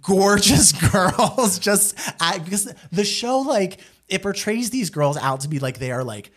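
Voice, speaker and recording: A man co-hosting a pop-culture podcast, telling stories in an animated, casual way and saying "like" constantly. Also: sits high, moderate pace. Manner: animated storytelling, heavy use of "like". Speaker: podcast co-host.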